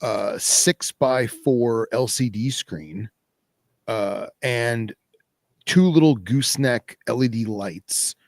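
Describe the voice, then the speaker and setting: Gravelly man rambling on a podcast. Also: medium pitch, slow pace, no echo. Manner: rambling, filler-heavy, laid-back. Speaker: podcast host. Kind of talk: casual chat.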